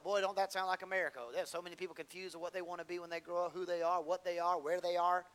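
A man preaching a sermon in a folksy, colloquial way, swinging from loud build-ups to low asides as he tells the story. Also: steady tone, rapid-fire, few pauses, low-quality recording.

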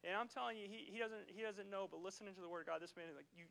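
A man's voice: high voice, racing, gravelly, pushed and bright, rough recording. A man preaching a casual, conversational sermon in a church, often checking in with the congregation. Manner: casual, keeps asking "right?" to the congregation.

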